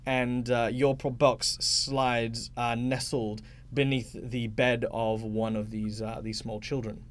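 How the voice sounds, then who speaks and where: A man's voice: mid-range voice, little pitch movement, takes it slowly. A man with an Australian accent narrating as game master of a tabletop game, hesitant and full of fillers. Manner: hesitant, many fillers and restarts.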